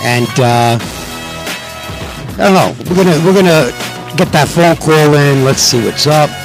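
A man with a New York accent hosting a podcast from home, talking loudly, excitably and with plenty of swearing. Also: fairly high pitch, slow pace, over music. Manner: loud, profane and excitable. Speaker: podcast host. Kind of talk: casual podcast chat. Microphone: headphones and mixer.

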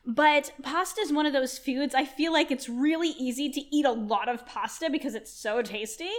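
A woman's voice: sits high, moderate pace. A woman chef talking enthusiastically in a podcast interview, rambling on and asking herself questions as she goes. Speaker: chef and culinary nutrition guest.

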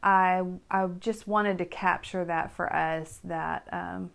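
A middle-aged American woman co-hosting a casual chat with her husband, gentle and reflective, with many hesitations. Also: lowish voice, steady tone, slow pace, gravelly. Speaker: co-host, wife. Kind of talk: casual chat, poem reading.

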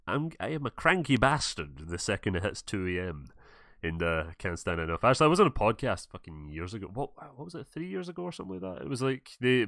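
A man's voice: on the low side, a bit bright, no room sound, clean studio sound. A young Scottish man hosting a casual podcast, rambling, swearing and correcting himself as he goes. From Scotland. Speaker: podcast host. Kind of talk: casual chat.

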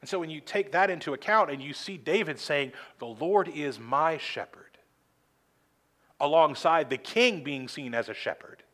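A pastor delivers a sermon from the pulpit in a church sanctuary. His voice sits a little high for a man, and he speaks earnestly. He slows down to stress key lines and slips in dry asides. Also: a bit bright. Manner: earnest preaching with slowed emphasis and dry humor.

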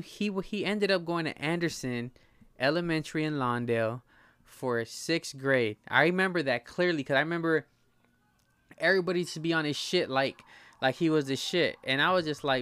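A man in his thirties with a raised, smooth, resonant voice, recorded dry and close. He talks fast in a loose solo podcast monologue, tripping over his words and stuttering now and then while swearing freely. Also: a little high, fairly bright tone, no room sound. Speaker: podcast host.

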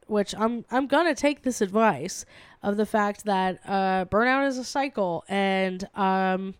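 A woman's voice: mid-range voice, unhurried, clean tone, dry recording. A woman co-hosting a comedy podcast, talking casually with lots of fillers and restarts. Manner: rambling, many fillers and restarts. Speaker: podcast co-host. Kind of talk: casual chat.

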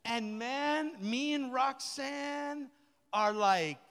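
A middle-aged man, a pastor, delivering a lively, colloquial sermon that repeats key phrases. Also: extremely high pitch, drawn-out words, vocal fry, smooth. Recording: long reverb of a large hall.

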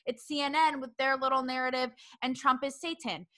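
Bright, exasperated young woman podcaster. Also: high voice, fairly quick. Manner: animated, exasperated, swears freely. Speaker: podcast host. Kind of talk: casual opinion monologue.

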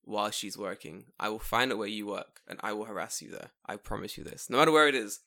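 A man co-hosting a casual podcast, swearing freely and breaking into loud mock shouting. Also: fairly low pitch, quick pace. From living in Japan. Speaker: podcast co-host.

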